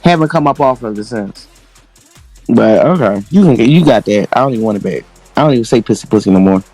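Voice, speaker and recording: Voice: medium pitch, expressive, quick pace, mellow, no room sound, soft background music. A livestream host giving brash, profane commentary in a campy, slangy way.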